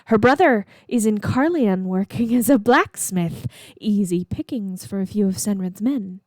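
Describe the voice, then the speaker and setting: A woman's voice: medium pitch, expressive, measured pace, darkish tone, dry recording, close to an everyday voice. A woman doing an impatient, plotting young noblewoman.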